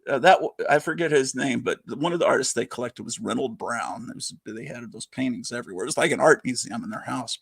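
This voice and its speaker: A man's voice: medium pitch, fast talker, gravelly, hardly any pauses, fairly bright tone, husky, no echo. A man in his fifties hosting a livestream, telling rambling anecdotes in casual chat and laughing often. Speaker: livestream host.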